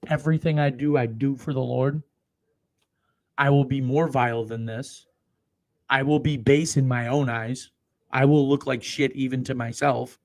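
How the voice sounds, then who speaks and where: A male preacher with a gravelly, fry-laden voice, reading Bible verses in a slow, deliberate cadence. He swings into profane, emphatic commentary and erupts loudly at times. His pitch sits in an ordinary middle range. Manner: profane, swings between slow solemn reading and loud outbursts. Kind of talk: scripture reading with crude live commentary.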